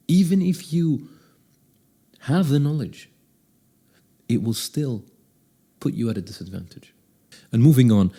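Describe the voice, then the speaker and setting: Low, mellow-voiced man coaching voice. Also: slightly rough. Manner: demonstrates voices, shifts pace and volume. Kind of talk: direct-to-camera vocal tips.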